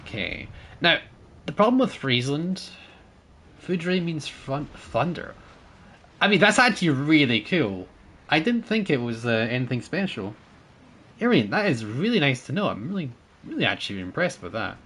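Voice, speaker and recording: A man's voice: fairly high pitch, sing-song, normal speed, a bit bright, husky. A man streaming a naval battle game, chatting with his viewers and teammates, thanking supporters and laughing often as he plays. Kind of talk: casual gameplay commentary.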